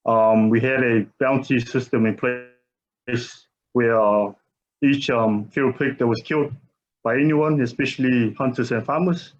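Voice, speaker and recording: A man from Niue answering a host's question about a pig management program, pausing with frequent ums. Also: mid-range voice, fairly even intonation. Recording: dull lo-fi audio.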